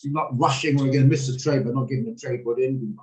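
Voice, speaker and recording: A man's voice: medium pitch, fast, a little mellow. Man explaining trades in a roomy room. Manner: explanatory, checks in with attendees by name. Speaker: trading room host. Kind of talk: live trading lesson over video call. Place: home office on a video call.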